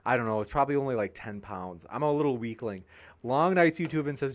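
A man's voice: medium pitch, lively intonation, fairly quick. A man hosting a live debate stream, reading viewer comments aloud and answering them with upbeat, jokey banter. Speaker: debate channel host.

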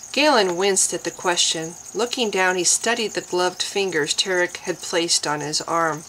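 A woman reading a fantasy novel aloud in a slow, deliberate narration. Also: fairly low pitch, sharp tone, a little hiss or hum, rough recording. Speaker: audiobook reader.

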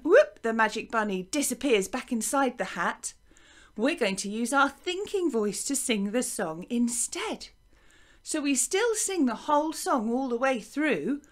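A woman teaching a recorded music lesson for young children, lively and encouraging in a sing-song teacher voice. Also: a little high. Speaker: primary school teacher.

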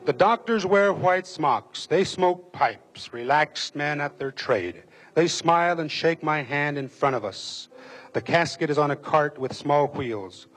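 A man giving a dramatic, measured reading of a first-person memoir passage, with a husky voice. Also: on the high side, fairly bright tone. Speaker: reader.

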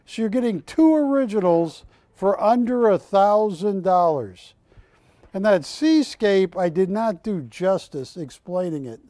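A man's voice: sits high, animated, measured pace, warm tone, no room sound. A man hosting a live shopping channel, joking with the crew and counting prices down. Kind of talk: live TV sales pitch and banter.

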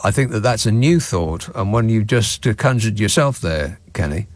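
Dry, sardonic English radio host. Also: male voice, lowish voice, lively intonation, normal speed, dry recording. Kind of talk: late-night phone-in chat. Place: radio studio. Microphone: studio microphone.

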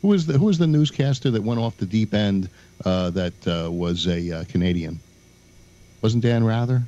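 A man with a very deep, dark, mellow voice joins a casual chat. He speaks haltingly and leans on filler sounds. The recording is dull and lo-fi. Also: animated.

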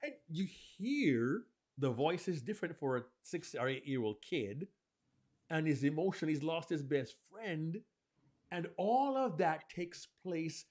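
Animated male speaking coach. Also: fairly high pitch, measured pace. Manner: animated, acts out examples. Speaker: podcast co-host, speaking coach. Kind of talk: live podcast discussion.

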